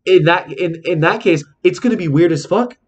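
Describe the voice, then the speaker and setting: A young man hosting a casual podcast chat. He talks in an excited, rambling way with lots of fillers. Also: sits high, normal speed, breathy edge, highs cut off. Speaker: podcast host.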